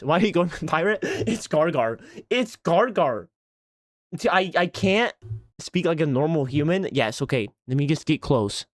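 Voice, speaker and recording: A man streaming casually, flustered and self-mocking as he talks through his voice attempts aloud. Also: fairly high pitch. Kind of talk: casual livestream chat.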